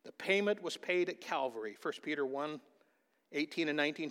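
A man's voice: on the high side, animated, normal speed, fairly bright tone. A man preaching a sermon as pastor, emphatic and calling out to the congregation. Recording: long hall reverb.

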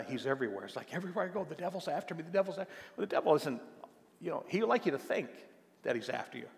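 Older preacher with a gravelly voice. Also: male voice, medium pitch. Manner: emphatic preaching with slow stressed phrases and many fillers. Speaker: pastor. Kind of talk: sermon. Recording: long hall reverb.

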